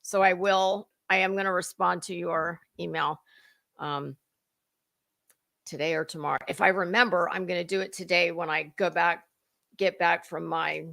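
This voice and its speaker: A woman's voice: on the low side, gravelly, bright, forceful tone. A middle-aged woman, hosting a rambling livestream chat, greeting viewers by name and fighting a dry cough. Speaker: livestream host. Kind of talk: casual chat.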